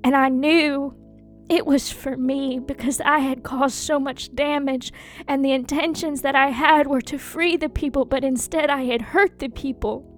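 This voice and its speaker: A woman speaks in a high voice, slowly and with heavy pauses. She delivers a first-person dramatic monologue, anguished and intense, repeating phrases as she goes. Faint music plays quietly behind her. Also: fairly even intonation. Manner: slow, anguished and intense, with many pauses and repetitions.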